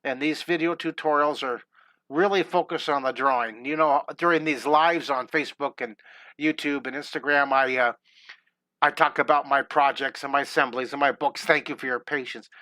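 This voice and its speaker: A man's voice: medium pitch, fairly even intonation, normal speed, bright, forceful tone, no echo. A middle-aged man teaching a live drawing lesson, chatty and enthusiastic. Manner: upbeat, chatty, enthusiastic with exclamations.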